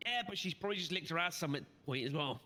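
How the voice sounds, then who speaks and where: Brief: British male, dry and stubborn, bright tone, reverberant audio. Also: on the high side, lively intonation, fast. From Britain. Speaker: roleplay player. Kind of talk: casual in-character roleplay banter.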